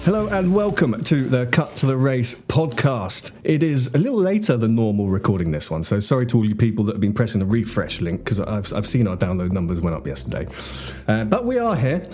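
A man hosting a podcast in casual chat, talkative and quick to laugh. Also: medium pitch, very animated, darkish tone, faint music behind. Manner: chatty, laughs often, with filler restarts. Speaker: podcast host.

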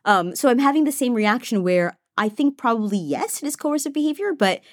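A woman's voice: a little high, sing-song, brisk, no room sound, clean studio sound. A woman co-hosting a casual podcast, a teacher talking her reactions through reflectively. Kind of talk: casual chat.

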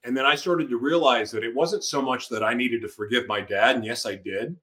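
A man's voice: mid-range voice, brisk, a bit bright. A middle-aged man, an author and interview guest, telling his personal story with feeling and acting out his own past outbursts.

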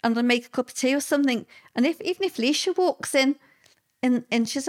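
A middle-aged woman, recounting hard personal memories in an interview, halting and full of fillers and restarts. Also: fairly high pitch. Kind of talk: personal testimony in conversation.

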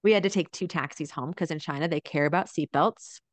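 Low-voiced woman telling family stories. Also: brisk, no room sound. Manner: animated storyteller, often adds "right?". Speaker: guest, mother of four living abroad. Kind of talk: casual interview chat.

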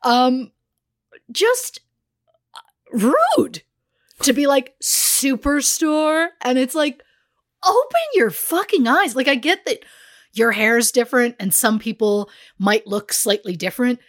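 A woman's voice: fairly high pitch, very animated, measured pace, pauses often, no room sound, studio quality. A young adult woman co-hosting a podcast, teasing in a playful way, swearing casually, and laughing a lot. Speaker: podcast co-host. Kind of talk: casual chat.

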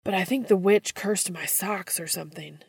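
A woman's voice: on the low side, normal speed, vocal fry, darkish tone, slightly rough, no room sound, clean studio sound, exaggerated voice. A woman voicing a flustered young man in trouble in a fan fiction reading, whining and breathless. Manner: whiny, breathless, raised.

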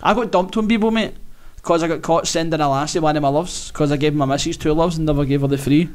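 A Scottish man, a comedian, chatting in a sweary, laughing way as a podcast guest. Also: a little high. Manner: sweary, laughing, quick banter. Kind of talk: casual podcast chat.

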